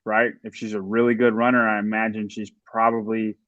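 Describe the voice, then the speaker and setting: A man's voice: on the low side, flat delivery, a little fast, no room sound, phone-quality sound. A man hosting a podcast, talking through competition standings in a casual, analytical way. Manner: talkative, analytical. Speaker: podcast host.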